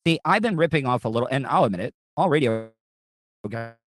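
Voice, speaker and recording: A man's voice: mid-range voice, expressive, fairly quick. A man hosting his podcast in casual chat, talking in a rambling way with lots of restarts and swearing. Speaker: podcast host.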